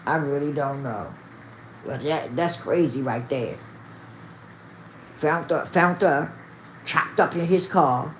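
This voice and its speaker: A woman's voice: low-pitched, slow pace, pauses often, a little hiss or hum. An older woman talking casually to her viewers, emphatic and repetitive. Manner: emphatic, repeats herself, talks straight to viewers. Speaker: vlogger.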